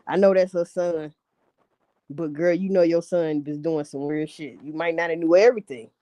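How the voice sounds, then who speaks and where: A woman's voice: fairly low pitch, dark tone. A woman ranting in a casual commentary, blunt and heavy on profanity. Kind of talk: casual rant.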